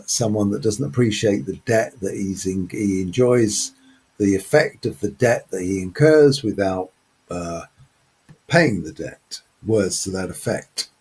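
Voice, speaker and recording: Slow, husky-voiced man explaining a text. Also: fairly low pitch. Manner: hesitant, many fillers, unhurried explaining. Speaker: literature presenter. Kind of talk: unscripted close-reading commentary.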